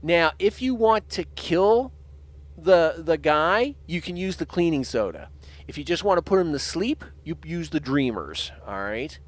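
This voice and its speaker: A man's voice: on the high side, very animated, unhurried. Chatty man streaming a game. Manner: chatty, hums and laughs to himself, many fillers. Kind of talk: casual let's-play commentary.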